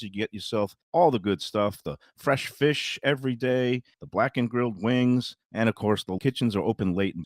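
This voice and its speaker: A man's voice: mid-range voice, no echo. Man, upbeat ad read, promotional, dry close studio sound. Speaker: radio show ad reader. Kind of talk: read-out restaurant ads.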